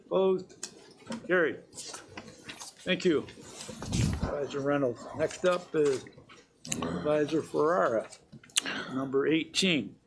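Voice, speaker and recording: Man, fairly high voice, chairing a meeting, brisk procedural tone, faint background noise. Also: gravelly. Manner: brisk procedural calls for votes. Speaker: board chairman. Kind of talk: chairing a county board meeting. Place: county meeting room.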